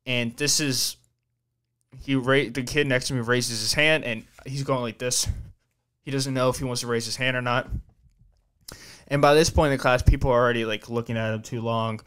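A man's voice: mid-range voice, steady tone, moderate pace, a bit bright, clean tone. A young man hosting a podcast, telling a long story in a rambling, profane way, full of fillers and restarts. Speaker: podcast host. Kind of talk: casual storytelling chat.

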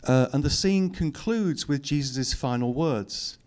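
A man's voice: mid-range voice, expressive, measured pace, darkish tone, clean tone. Middle-aged man, author reading aloud at a public talk; dry wit. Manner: dry, teasing asides to the audience. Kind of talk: reading aloud and commenting to an audience. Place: lecture hall.

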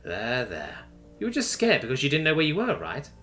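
A man voicing an easygoing young human man who talks softly and gently, coaxing a wary animal. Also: mid-range voice, very animated, fairly quick. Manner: soft, coaxing, casual. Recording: faint music underneath.

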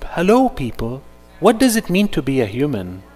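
Male religious teacher running a workshop, animated, throws rhetorical questions, slightly high voice, long hall echo. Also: moderate pace, soft background music. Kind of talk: interactive religious workshop talk.

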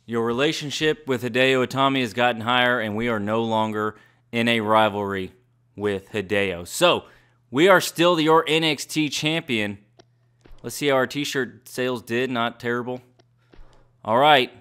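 Bright excitable man calling wrestling game. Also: mid-range voice, normal speed, clean tone. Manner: excitable, mock wrestling announcer. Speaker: gaming YouTuber. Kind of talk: play-by-play game commentary.

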